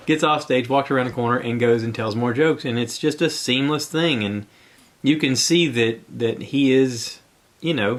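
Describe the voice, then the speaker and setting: A man hosting his own podcast, talking alone in a rambling, conversational way and sounding a bit out of breath. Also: mid-range voice. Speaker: podcast host. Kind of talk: solo podcast monologue.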